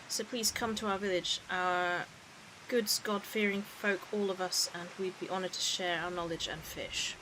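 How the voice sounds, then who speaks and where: A woman voicing a humble fishing villager, reading the game text aloud in a low, soft tone. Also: background noise, lightly acted. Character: humble fisherfolk villager, wary and plain-spoken.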